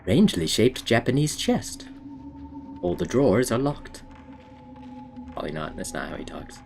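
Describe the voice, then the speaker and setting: A man's voice: on the low side, sing-song, normal speed, vocal fry, over music. Chatty man streaming a horror game. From United States. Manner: chatty, laughs often, talks to himself and chat. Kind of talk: casual gameplay commentary.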